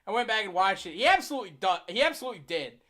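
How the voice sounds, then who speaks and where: A man's voice: sits high, big pitch swings, racing, sharp tone. A man commentating a live football game on his stream, calling plays and ranting in exasperation at his team's mistakes. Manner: exasperated ranting with bursts of sarcasm. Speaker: sports streamer.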